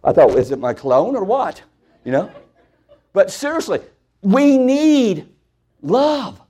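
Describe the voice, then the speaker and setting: Preacher, male, high-pitched, impassioned sermon that drops to near-whispers. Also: sing-song, slow pace, husky. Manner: impassioned preaching that swings from loud to hushed.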